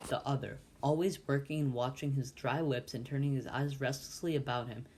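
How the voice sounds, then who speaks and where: A man's voice: medium pitch, fairly even intonation, fairly quick, darkish tone, slight background noise. A man volunteer reading a classic novel aloud, with frequent stumbles and restarts. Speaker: volunteer reader.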